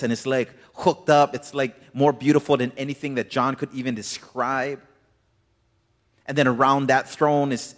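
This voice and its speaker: A man preaching a casual sermon in a laid-back, chatty way, full of filler words. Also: mid-range voice. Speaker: pastor. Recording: reverberant hall.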